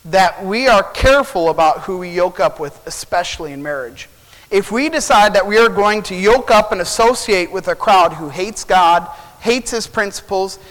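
A man's voice: high-pitched, fairly bright tone, long reverb tail, low-quality recording. A male preacher giving a sermon, retelling a Bible story and asking rhetorical questions.

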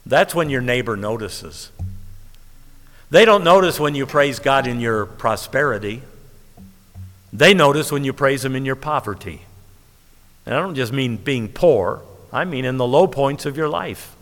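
A man preaching a sermon, emphatic and lively, stretching key words and laughing at his own points. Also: medium pitch, unhurried. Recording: long hall reverb.

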